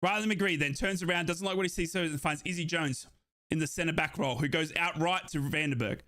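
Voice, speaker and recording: A young man calls a football match as an overjoyed fan, shouting in bursts until he runs out of breath. His voice sits high and sounds bright and sharp. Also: brisk. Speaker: fan watchalong streamer. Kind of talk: excited fan commentary.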